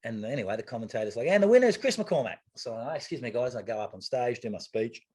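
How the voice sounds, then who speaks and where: Husky Australian man, lively storyteller. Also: mid-range voice, fast talker. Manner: animated, acts out quoted voices, swears casually. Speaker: guest, retired triathlete. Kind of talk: casual storytelling interview.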